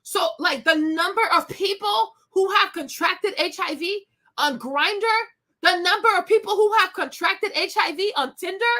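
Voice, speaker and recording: Woman host, bright forceful tone, opinionated rant, blunt and scathing. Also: extremely high pitch, a little slow. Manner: blunt, scathing, with bursts of laughter. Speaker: commentary show host.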